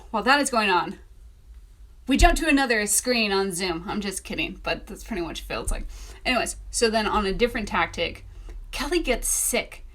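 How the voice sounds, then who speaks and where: A young woman telling a story in a casual vlog, animated and acting out the voices she quotes. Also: mid-range voice. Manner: animated, acts out quoted voices, laughs often. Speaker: author vlogger.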